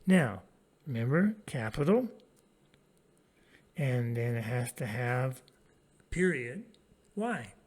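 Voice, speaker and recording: A man teaching an English grammar lesson to children, prompting his pupils to repeat lines and pausing for their answers. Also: medium pitch. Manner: lively, sing-song classroom delivery.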